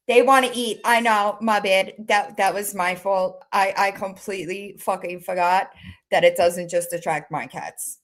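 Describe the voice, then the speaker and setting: A woman streaming and chatting casually, swearing freely and cooing to her cats in a high baby voice. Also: steady tone, moderate pace, poor audio. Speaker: streamer reacting to videos. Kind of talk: casual chat.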